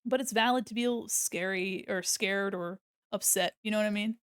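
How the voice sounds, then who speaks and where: A woman's voice: medium pitch, normal speed, clear, resonant tone, dry recording, studio quality. An American woman with a neutral General American accent, chatting casually with viewers while drawing on stream, rambling and laughing often. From United States. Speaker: art streamer.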